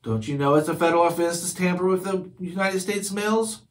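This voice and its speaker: A man's voice: high voice, brisk, pitched above the performer's own voice, lightly acted. A man doing a teasing mail truck driver. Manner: teasing, good-natured. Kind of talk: children's book read-aloud.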